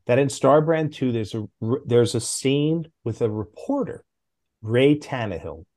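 Animated middle-aged man spinning anecdotes. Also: unhurried. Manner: animated anecdotes, with big jumps in pitch. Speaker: guest, former comics editor. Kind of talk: casual podcast storytelling.

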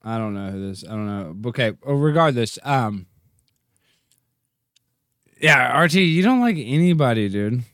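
A man hosting a livestream, rambling and joking, sometimes jumping into goofy high-pitched bits. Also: very animated, moderate pace, long pauses, fairly bright tone, no room sound, studio quality. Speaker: livestream host. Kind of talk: casual livestream rant.

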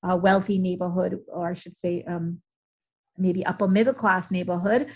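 A woman's voice: fairly low pitch, steady tone, moderate pace, slightly rough, rough recording. A middle-aged woman, a family friend, talking emphatically in casual conversation and repeating her points for weight.

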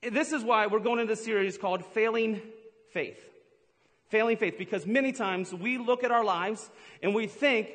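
Male pastor, high voice, jokey and teasing, live sermon in a reverberant hall. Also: a bit bright. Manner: playful, teasing the congregation with jokes and quick asides. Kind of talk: humorous sermon. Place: large church hall with a live congregation.

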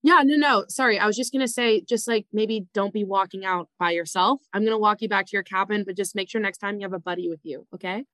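A woman voicing a caring young female camp counselor who talks gently and reassuringly. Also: mid-range voice, fast, few pauses, no room sound, natural voice, rough recording.

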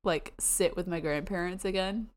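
A young woman from the United States co-hosting a podcast, chatting casually and excitedly with quick asides and frequent laughs. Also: on the low side. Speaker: podcast co-host. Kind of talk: casual chat.

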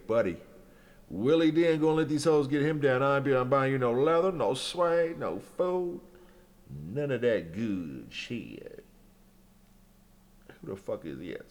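A man hosting a podcast alone, rambling and joking with lots of swearing, then freestyle rapping. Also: medium pitch. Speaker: podcast host. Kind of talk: casual solo commentary and freestyle rap.

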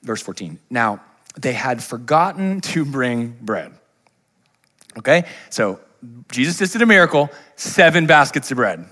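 A man preaching a sermon as pastor, telling Bible stories in a lively, humorous way and acting out the characters. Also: medium pitch, a little slow. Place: church.

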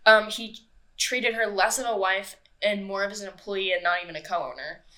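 Woman, podcast host, casual true-crime chat, swears a lot, chatty, mid-pitched voice. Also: moderate pace, pushed and bright. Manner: swears freely, chatty, laughs often.

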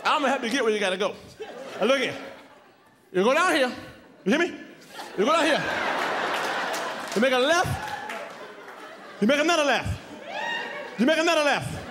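A man's voice: very high voice, lively intonation, normal speed, long pauses, in a large hall, a crowd in the background, noisy background. A man doing a drawling old man giving directions. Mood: folksy. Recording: live club with audience laughter.

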